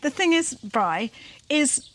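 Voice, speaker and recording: High pitched lady cohosting a vlog, teasing, giggly, casual chat outside. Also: sing-song, slow, fairly bright tone. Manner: teasing, laughing often. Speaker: vlog co-host. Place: sitting outdoors.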